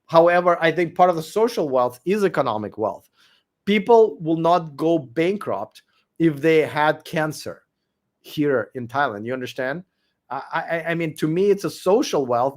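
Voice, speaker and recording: In a late-night livestream chat, a man responds to comments in an expressive voice on the high side, at normal speed. His voice is weak and going, and he's blunt and profane, circling back to the same points as he argues.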